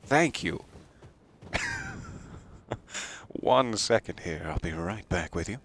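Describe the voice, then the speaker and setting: A man with a fairly low voice and a very animated, swooping delivery. He comments on a game in a theatrical, playful way, addressing characters directly. His asides are self-deprecating and chatty. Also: very slow, a little hiss or hum. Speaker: let's play streamer. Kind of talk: casual gameplay commentary.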